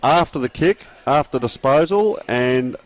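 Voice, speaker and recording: A man with an Australian accent calling a local football match live, chatty and relaxed with folksy asides. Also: mid-range voice, unhurried. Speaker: football commentator. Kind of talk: live sports commentary.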